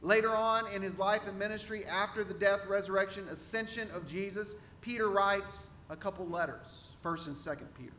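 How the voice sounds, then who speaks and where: A man's voice: high voice, a little fast, hardly any pauses, bright, forceful tone, big-room sound, slight background noise. A man from Central Texas with a Texan accent, preaching a sermon as pastor in a conversational way, repeating rhetorical questions. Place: church sanctuary.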